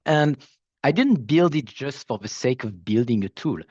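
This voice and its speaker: A man's voice: mid-range voice, animated, normal speed, a little mellow, breathy edge, no echo, lo-fi sound. A man with a French accent, a platform founder talking casually on a panel, self-deprecating and chatty with some hesitations. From France.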